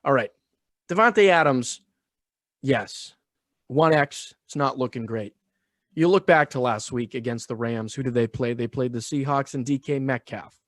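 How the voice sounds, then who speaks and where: A man co-hosting a sports podcast, joking and talking with crude, animated banter. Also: mid-range voice, measured pace, dry recording, studio quality. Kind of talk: casual sports analysis chat.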